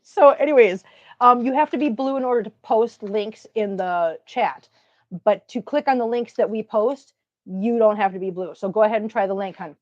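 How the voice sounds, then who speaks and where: A woman's voice: medium pitch, normal speed, no echo. Woman, Minnesotan accent, livestream host, chatty, greets viewers, dull lo-fi sound. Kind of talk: casual livestream chat.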